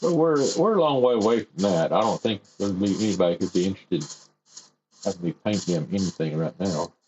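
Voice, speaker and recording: A man's voice: low voice, animated, fairly quick, darkish tone, dull audio, a little hiss or hum. A man chatting casually and rambling as he airbrushes in his home workshop on a livestream. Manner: rambling, easygoing, self-deprecating. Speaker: airbrush artist streaming his work. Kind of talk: casual livestream chat while painting.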